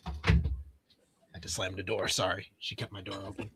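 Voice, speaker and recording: A man co-hosting a wrestling review show, recapping episodes in casual chat with quick delivery and frequent laughter. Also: low voice, flat delivery, gravelly, sharp tone, breathy edge, no room sound.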